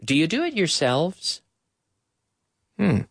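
A man's voice: fairly high pitch, wildly swooping pitch, slow, creaky, dry recording, clean studio sound. A man teaching English in a live-streamed lesson, repeating phrases to drill them and switching between English and Spanish.

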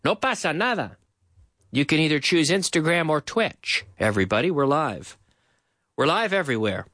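A man's voice: a little high, animated, moderate pace, sharp tone, dry recording, clean studio sound. A man teaching English in a live-streamed lesson, repeating phrases to drill them and switching between English and Spanish.

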